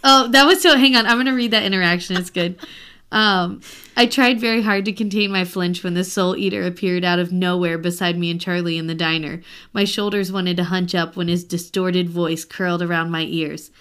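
A woman's voice: fairly low pitch, fairly even intonation, fairly quick, fairly bright tone, smooth. A young woman co-hosting a casual book podcast, gushing over a novel, reading excerpts aloud and laughing often. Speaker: podcast co-host.

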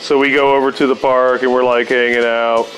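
A man's voice: mid-range voice, flat delivery, brisk, a bit bright, faint music behind. A man telling a story from his past in a casual, laid-back way, cursing freely and laughing often.

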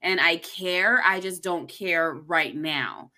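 Blunt woman with a bright voice. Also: fairly low pitch, slow. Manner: blunt, critical, dismissive. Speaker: podcast co-host. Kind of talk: casual movie review chat.

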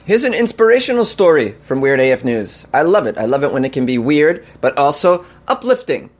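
A man's voice: a little high, big pitch swings, fairly quick. Laughing, incredulous male comedy host. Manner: mocking, incredulous, laughs often. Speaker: host of a comedy news segment. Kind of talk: comedic news commentary.

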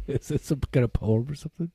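A man's voice: medium pitch, dark tone, husky, no echo, studio quality. A man co-hosting a casual recovery podcast, rambling and swearing freely, often breaking into laughter. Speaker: podcast co-host.

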